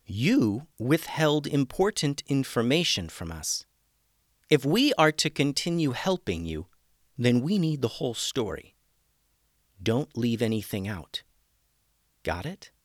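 A man voicing a calm, commanding ninja leader in a storybook reading. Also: mid-range voice, no room sound, studio quality, voice pushed up. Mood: firm. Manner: measured, commanding. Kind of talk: storybook character voice.

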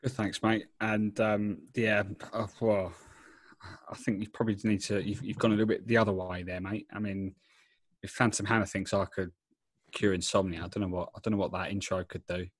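A man's voice: on the low side, level tone, brisk, no echo. A man co-hosting a fan podcast, hesitant and rambling, with lots of fillers and restarts. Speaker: podcast co-host. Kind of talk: casual podcast chat.

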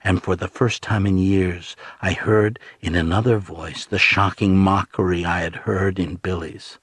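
Deep husky male narrator. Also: fairly even intonation, unhurried, fairly bright tone, dry recording. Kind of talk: audiobook narration.

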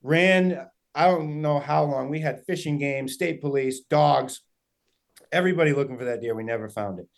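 A man's voice: on the high side, normal speed, vocal fry. A young man, a guest, telling a story in casual chat, rambling with lots of fillers and quoted dialogue. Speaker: guest hunter.

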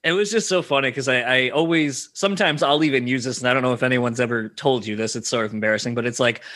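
A man hosting a casual interview, curious and quick to laugh. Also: medium pitch, a bit bright. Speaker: podcast host.

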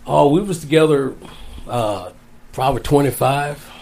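Gravelly man telling a rambling story. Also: medium pitch, a little slow, a crowd in the background. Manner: rambling, repeats phrases, folksy Southern-style speech. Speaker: interview guest. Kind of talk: storytelling in a casual interview.

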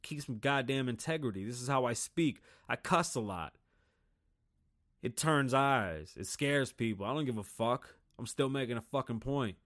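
Male podcast host, mid-pitch, dry close sound, profane and combative. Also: normal speed, no echo. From United States. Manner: profane, heated, talks in bursts and mocks people in loud voices. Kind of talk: ranting solo podcast monologue.

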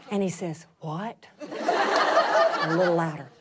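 A middle-aged woman telling a testimony as a sermon, animated, rising to laughing emphasis and dropping to hushed whispers. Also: a little high, fairly quick, a little hiss or hum. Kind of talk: sermon storytelling.

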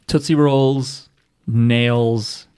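A man's voice: medium pitch, steady tone, extremely slow, a little mellow, smooth. A man hosting a podcast, chatting casually and rambling with restarts. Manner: rambling, self-interrupting. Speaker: podcast host. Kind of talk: casual chat.

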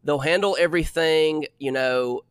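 Animated young man, higher voice. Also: moderate pace, clean tone, dry recording, clean studio sound. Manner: animated, exasperated retelling. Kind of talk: casual storytelling.

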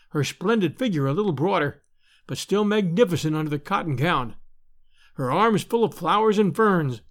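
A man narrating a classic story aloud, reading expressively and lightly voicing the characters. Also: high-pitched. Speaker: narrator and podcast host.

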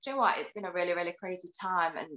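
A woman's voice: fairly low pitch, racing, a bit bright, reverberant, muffled recording. A woman from the UK with a British accent, a guest on a podcast, talking cheerfully and casually. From United Kingdom. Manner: cheerful, upbeat, laughs easily. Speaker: guest, beauty YouTuber. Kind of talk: casual interview chat.

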